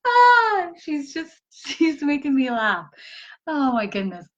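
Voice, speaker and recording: Lady medium on a live stream, slow and chatty, lots of ums, dull audio. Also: sits high, big pitch swings. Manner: slow, chatty, laughs often, many fillers. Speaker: spiritual medium. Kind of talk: casual live-stream talk.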